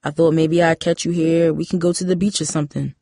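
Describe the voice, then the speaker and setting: An easygoing teenage boy, casual and persuasive, as a woman narrator voices him without much change. The voice is lowish for a woman and sits in a close, dry recording. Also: level tone, quick pace, dark tone, dry recording.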